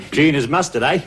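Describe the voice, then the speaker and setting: A man's voice: a little high, a bit bright, slight background noise, heavily acted. An actor with an Australian accent playing a joking middle-aged uncle and wheeler-dealer who laughs through his brash banter.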